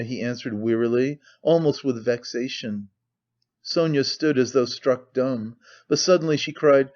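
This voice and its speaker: A man narrating a classic novel as an audiobook in a measured, steady way, in a slightly muffled recording. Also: mid-range voice.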